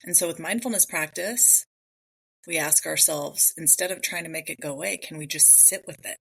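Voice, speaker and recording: A woman's voice: low voice, moderate pace, vocal fry, pushed and bright, slightly rough, poor audio. A woman hosting a solo podcast, talking through ideas in a casual, thinking-aloud way with many rhetorical questions. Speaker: podcast host. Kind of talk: solo reflective talk on mindfulness.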